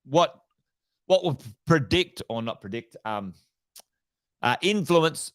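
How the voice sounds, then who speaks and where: Man, middle-aged, property investment host, energetic, repeats phrases, asks rhetorical questions, dry close sound. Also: mid-range voice, clear, resonant tone, dry recording. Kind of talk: live-stream coffee chat.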